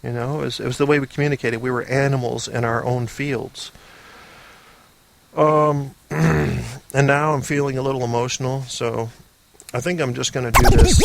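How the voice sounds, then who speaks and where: A man's voice: medium pitch, steady tone, normal speed, gravelly, loud music behind the voice. Rambling, boisterous male podcast host. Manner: rambling, boisterous, self-mocking. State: sick. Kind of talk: casual comedy monologue.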